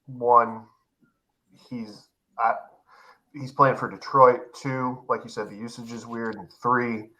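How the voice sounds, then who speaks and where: This man has a bright, forceful voice pitched in the middle. He hosts a casual sports podcast over a remote call and keeps the talk moving with quick wit. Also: flat delivery, poor audio. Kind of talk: casual fantasy football chat.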